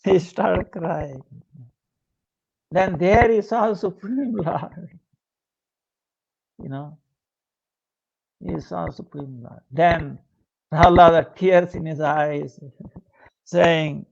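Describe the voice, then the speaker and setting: A man telling a devotional story as a lecture, unhurried and full of "you know" and pauses. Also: a little high, creaky, highs cut off. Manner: unhurried, filled with 'you know' and hesitations.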